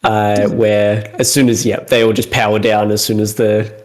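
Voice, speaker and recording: A man with a lowish voice in casual podcast talk. He is laid-back, mostly agreeing and adding short remarks. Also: level tone, moderate pace. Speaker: podcast co-host. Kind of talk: casual comic book discussion.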